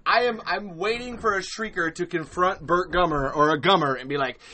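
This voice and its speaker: A young man chatting casually as a fan, excitable, with loud whiny outbursts and low musing stretches. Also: brisk, a crowd in the background. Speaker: podcast guest.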